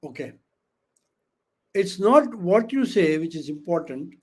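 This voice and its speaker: The webinar trainer here has a high, unhurried voice with a breathy edge, coming through a video call microphone. In his interactive online lecture he frequently questions the audience, uses "okay" and "you know" as fillers, and brings quotes to life with lively voices.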